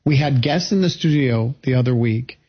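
A man co-hosting a radio show, telling a jokey quick story. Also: mid-range voice, husky, lo-fi sound. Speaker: radio co-host. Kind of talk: casual radio chat.

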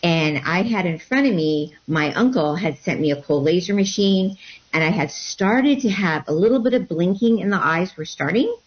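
In a lowish, expressive voice, a female guest haltingly recounts becoming a healer, full of fillers and false starts. The recording itself is dull.

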